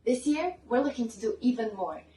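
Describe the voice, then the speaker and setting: A woman from a student campaign group, giving a steady, informative scripted update. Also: a little high, brisk, a little hiss or hum. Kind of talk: scripted promotional announcement. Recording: echoey room, distant mic.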